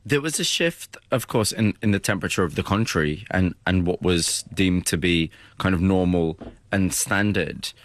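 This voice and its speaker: A man interviewing, setting context and asking questions in a calm, measured way. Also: sits low, no echo, clean studio sound.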